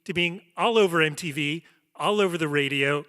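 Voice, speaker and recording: A man's voice: on the high side, moderate pace, sharp tone. A man interviewing a guest onstage in an auditorium, full of admiring, enthusiastic remarks. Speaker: interviewer, music writer. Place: auditorium stage before an audience. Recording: long reverb of a hall.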